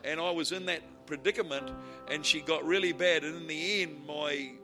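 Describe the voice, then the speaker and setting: Animated man preaching over music. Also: fairly high pitch, moderate pace. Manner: humorous, animated storytelling, swings from quiet to shouting. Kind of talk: sermon with stories.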